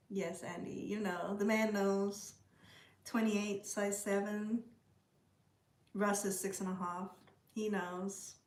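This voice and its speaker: A woman's voice: medium pitch, roomy sound. A woman from Canada hosting a casual livestream, chatting and answering viewer comments. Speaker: livestream host. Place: room at home with a pet bird.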